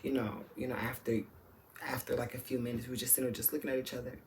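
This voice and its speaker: A man's voice: medium pitch, little pitch movement, racing, a little hiss or hum. Sassy campy man telling a story. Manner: campy, sassy, full of slang and frank talk to the audience. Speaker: storytime vlogger. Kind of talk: candid storytime chat.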